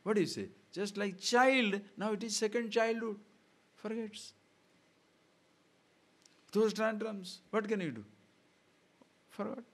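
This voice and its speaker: A man giving a spiritual discourse, often putting rhetorical questions to his listeners. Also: sits high. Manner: animated, rhetorical questions to the audience. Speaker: spiritual teacher. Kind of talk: discourse on scripture.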